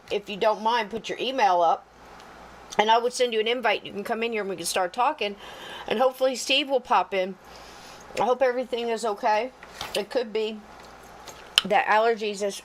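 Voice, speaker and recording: A woman's voice: mid-range voice, slight background noise, rough recording. Chatty woman livestream host. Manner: chatty, talks to herself while fumbling with tech; folksy and jokey, greets viewers warmly by name. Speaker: podcast co-host. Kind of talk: casual livestream chat.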